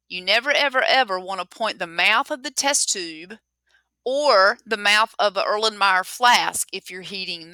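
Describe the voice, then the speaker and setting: A woman chemistry teacher giving a lesson on lab safety, talking clearly and repeating the key rules for emphasis. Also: mid-range voice, sharp tone, no echo. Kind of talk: recorded classroom lesson.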